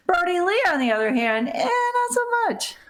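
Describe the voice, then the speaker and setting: A woman, the host's mother, chatting casually as co-host with wry, unhurried comments. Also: extremely high pitch, big pitch swings. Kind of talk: casual chat.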